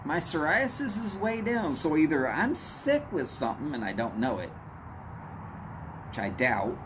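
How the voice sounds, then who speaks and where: A man hosts a laid-back livestream, reading chat and wandering bluntly from aside to aside in a tone heard as angry. His voice is a little high, very animated and a touch slow, with background noise present.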